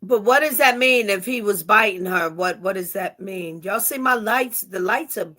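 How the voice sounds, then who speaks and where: Woman hosting a podcast, bright clear voice, lots of mm-hmms, laid-back video call chat. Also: medium pitch, normal speed. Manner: encouraging, lots of mm-hmms and short replies. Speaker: podcast host. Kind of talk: casual interview chat.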